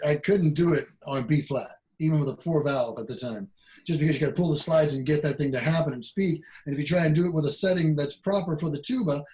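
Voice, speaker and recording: A man with a fairly high speaking voice talks as a jazz trombonist guest in a relaxed interview. He is animated and keeps slipping into little acted-out back-and-forth exchanges. His talk is loose and unpolished, with the odd swear word. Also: low-quality recording. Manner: animated, acts out quoted exchanges, swears casually. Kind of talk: casual conversation.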